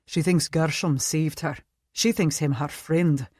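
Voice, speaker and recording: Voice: mid-range voice, steady tone, unhurried, darkish tone, no room sound, clean studio sound, close to an everyday voice. An audiobook narrator voicing a grim, regretful Scottish male immortal.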